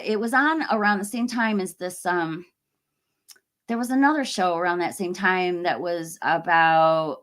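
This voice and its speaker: With a somewhat low, slightly bright voice, an American livestream host chats casually with her audience and reads out comments. She's friendly, using plenty of fillers and small laughs.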